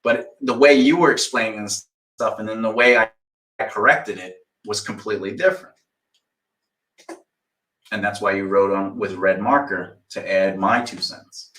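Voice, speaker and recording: A man's voice: fairly low pitch, normal speed, long pauses, a bit bright, recorded from a distance. A man insistently lecturing a younger colleague in a heated casual argument. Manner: insistent, lecturing, mimics others. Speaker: mentor. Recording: echoey room, off-mic.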